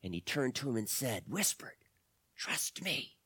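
A man's voice: mid-range voice, lively intonation, fairly quick, slightly rough, no echo. A man telling an adventure story expressively, sometimes dropping to a whisper.

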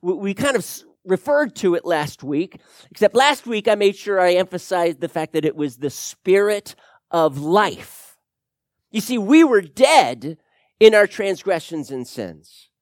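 A man preaching a sermon to his church, dropping to a hush and then building to loud, emphatic points. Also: sits high, very animated, measured pace, no echo, clean studio sound. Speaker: pastor.

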